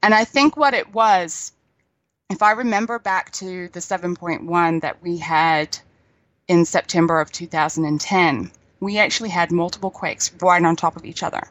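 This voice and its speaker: A woman's voice: fairly low pitch, steady tone, normal speed, a bit bright, no echo. A middle-aged woman, chatting as a guest, telling stories and laughing easily. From New Zealand. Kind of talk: casual chat.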